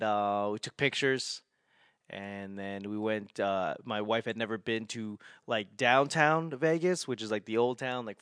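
A man's voice: lowish voice, clear, resonant tone, no room sound, clean studio sound. A man casually telling a rambling story, laughing often and swearing freely.

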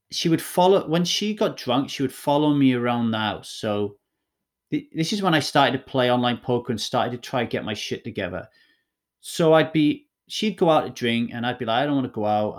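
A middle-aged man telling a candid personal story as a guest, talking bluntly and emphatically with swearing and frequent restarts. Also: medium pitch.

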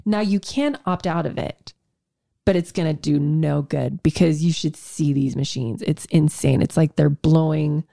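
A woman co-hosting a health podcast in casual chat, talking fast with restarts and sarcastic asides. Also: low-pitched, vocal fry, dark tone. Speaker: podcast co-host, health practitioner. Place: home podcast room.

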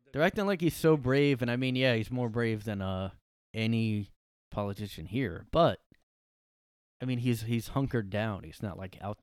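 A man's voice: lowish voice, no room sound. A young man hosting a solo podcast from his room, ranting with sarcasm and plenty of profanity. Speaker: podcast host.

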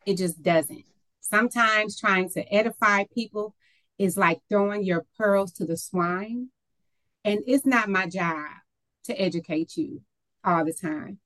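A woman's voice: medium pitch, unhurried, fairly bright tone, no room sound, rough recording. A woman in her forties co-hosting a casual discussion show, blunt and emphatic, her voice rising when she stresses a point. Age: 40s. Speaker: podcast co-host.

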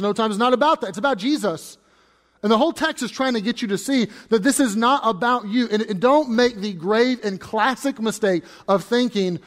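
A man's voice: high voice, big-room sound. A man preaching a sermon as pastor, conversational and emphatic, repeating phrases for stress.

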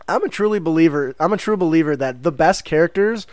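Man, podcast co-host, fairly high voice, animated casual chat, dry close mic. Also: dry recording. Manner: animated, breaks into quick character voices and laughs.

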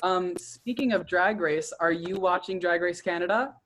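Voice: mid-range voice, moderate pace, fairly bright tone, rough recording. A podcast co-host chatting casually and reading out a word game. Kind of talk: casual chat.

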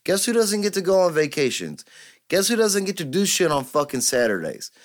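A man's voice: on the high side, very animated, a little fast. A man hosting a solo podcast, ranting heatedly and swearing constantly. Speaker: podcast host.

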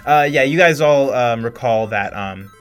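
A man's voice: mid-range voice, clear, resonant tone, soft background music. A man narrating as game master, hesitant, with many ums and restarts. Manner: halting, full of fillers and restarts.

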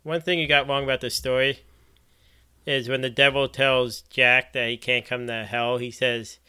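Male podcast co-host, bright crisp voice, quick jokes. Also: mid-range voice, little pitch movement, no echo, studio quality. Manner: joking interjections. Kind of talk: casual chat.

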